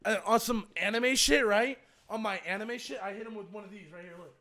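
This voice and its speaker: A young man tells a personal story on his stream, and his voice sits fairly high for a man. He acts out both sides of the scene in a loose, animated way and swears often. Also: brisk. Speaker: streamer and co-host.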